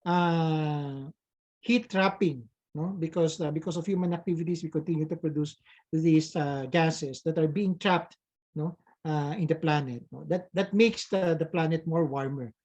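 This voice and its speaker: A Filipino engineer, invited as a resource speaker, answers questions in a webinar heard through a video call. His fairly high, slightly mellow voice moves at a moderate pace, hesitant with frequent "uh" fillers and a habitual tag "no?".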